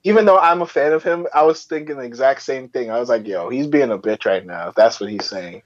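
A man's voice: medium pitch, a little fast, highs cut off. A man co-hosting a podcast, talking through his reasoning in a laid-back, casual way. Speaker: podcast co-host. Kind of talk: casual wrestling chat.

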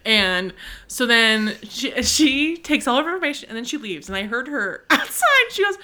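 A woman's voice: fairly high pitch, expressive, normal speed, sharp tone. A young woman co-hosting a podcast, telling a story in casual chat, acting out other people's lines and laughing often. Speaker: podcast co-host.

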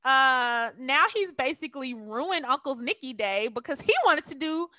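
A woman casually recapping a TV episode, animated and acting out the characters' lines as she tells it. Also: sits high, normal speed, no room sound. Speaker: TV recap podcast co-host.

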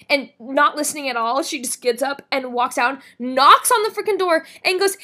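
A high-pitched young woman in her twenties chats casually as a podcast co-host. She tells stories with animated energy, acting out what people said and laughing often. Her talk is loose and sprinkled with swearing. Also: brisk, hardly any pauses. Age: 20s. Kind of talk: casual chat.

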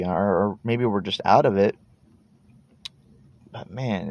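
A man's voice: on the low side, lively intonation, moderate pace, pauses often, a little mellow, no echo. A man in his thirties from Texas, rambling laid-back and cursing casually while sitting in his parked car. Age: 30s. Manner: laid-back, meandering, swears casually, trails off and repeats words. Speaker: podcast host.

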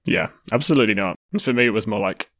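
A man co-hosting a casual gaming podcast, relaxed and joking. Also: on the low side, fast talker, no room sound, studio quality. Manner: relaxed, joking, unsure on names. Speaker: podcast co-host. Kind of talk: casual chat.

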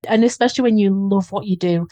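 A woman's voice: mid-range voice, fast talker, dark tone, no room sound. A woman with a Northern English accent, a guest business coach talking in an earnest, flowing, reflective way in a casual podcast chat.

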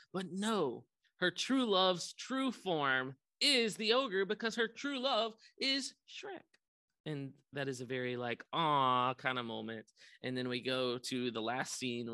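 A man's voice: medium pitch, bright, forceful tone, no echo. A young man casually recapping a movie on a podcast, rambling with lots of ums and likes. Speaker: podcast co-host.

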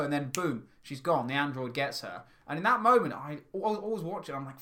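A man's voice: fairly high pitch, expressive, normal speed, few pauses, pushed and bright. A man co-hosting a casual podcast chat, enthusiastic and rambling with many restarts. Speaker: podcast co-host.

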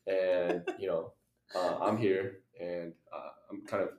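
A young man with a fairly low voice tells a story in casual chat, slipping into little voices for the people in it. The sound carries a noticeable echo from the room he's in. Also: slow. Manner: animated storyteller, acts out voices, laughs often. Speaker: podcast co-host telling a story. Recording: echoey room.

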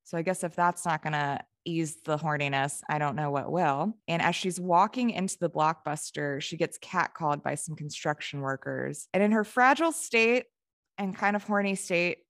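A woman's voice: deep voice, normal speed, fairly bright tone, dry recording, clean studio sound. Chatty woman recapping a TV episode. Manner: chatty, heavy use of "like". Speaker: podcast co-host.

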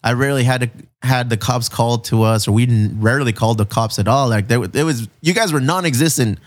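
A man hosting a casual chat, telling stories in an animated, profane way, full of slang. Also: mid-range voice, fast. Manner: animated, profane storytelling with lots of "bro" and "dude". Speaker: podcast host.

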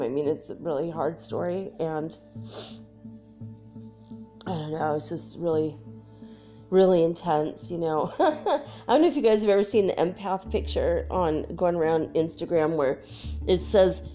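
A woman speaks straight to her viewers in a candid, emotional vlog, laughing easily and swearing casually. Her voice is mellow and warm, and faint music plays underneath. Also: on the low side, vocal fry. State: tearful at times. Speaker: spiritual vlogger. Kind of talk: casual confessional talk to viewers.

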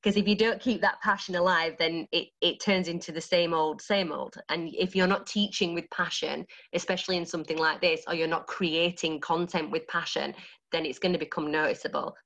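A woman with a Yorkshire accent, a dance studio owner giving gushing, animated interview answers and laughing easily. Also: fairly low pitch, brisk.

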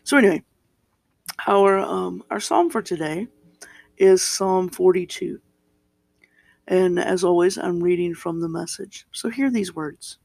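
A man with a fairly high voice and a gravelly edge reads scripture slowly, pausing between phrases. He talks as a pastor giving a reflective sermon. The sound is dry and close. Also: darkish tone, no room sound. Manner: slow, deliberate reading with pauses and restarts.

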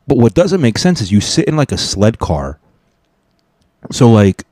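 A man's voice: on the low side, a little mellow, dry recording, studio quality. A young man telling a comic story casually, rambling and swearing freely, often correcting himself mid-sentence. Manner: rambling, profane, self-correcting.

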